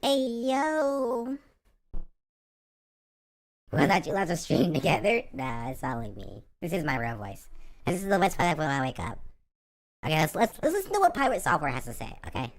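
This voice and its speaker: A man streaming and reacting live in a joking, rambling way, his voice run through a chipmunk pitch-raising filter. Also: very animated, moderate pace, long pauses. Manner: playful, joking, rambling with restarts. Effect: pitch-raised chipmunk voice filter.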